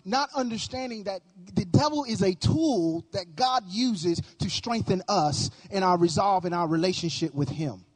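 Husky high-voiced preaching man. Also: expressive, normal speed, few pauses. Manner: emphatic preaching with sing-song cadence, repeats words. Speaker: pastor. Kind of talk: sermon.

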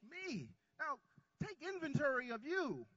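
A man preaching a sermon who calls on his congregation to answer back, drawing out key words and swinging between quiet asides and loud lines. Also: extremely high pitch, huge pitch swings, unhurried, no echo, lo-fi sound. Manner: call-and-response with the congregation.

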